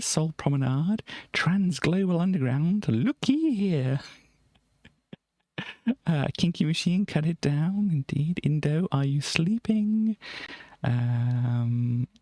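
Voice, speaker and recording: A woman with a low, dark voice hosts a livestream, casually reading through old music charts while rambling, chuckling, and scattering ums and self-corrections. The sound is studio quality with no room ambience.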